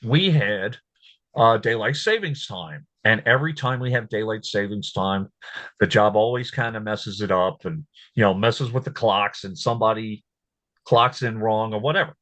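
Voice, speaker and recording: A man hosting his own show, talking casually, repeating words and growing animated when he tells what he said. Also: lowish voice, moderate pace, dry recording. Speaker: host. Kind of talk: casual commentary.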